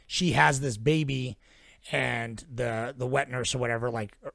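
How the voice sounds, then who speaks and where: Gravelly man recapping a film plot. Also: medium pitch, fairly even intonation, measured pace, fairly bright tone, no room sound, clean studio sound. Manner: rambling, profane plot retelling. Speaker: podcast host. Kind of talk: casual film-recap chat.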